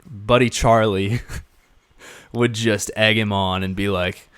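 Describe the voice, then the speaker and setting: A man's voice: on the low side, slow, smooth. Young man telling a rowdy party story. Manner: animated, swearing, laughs through the story. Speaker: podcast co-host. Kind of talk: casual storytelling chat.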